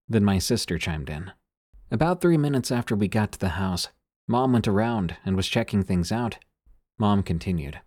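A man with a low, husky voice narrates scary stories sent in by listeners. His telling is measured and unhurried, and it sinks quieter on the eerie moments. The sound is dry and close, with no room around it. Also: lively intonation, dry recording. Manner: measured storytelling, sinking quieter on eerie lines.

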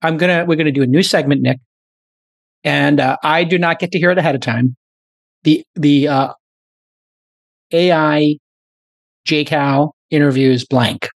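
A man hosting a podcast, riffing quickly in casual chat at a studio mic. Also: a little high, fairly even intonation, no room sound. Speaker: podcast host.

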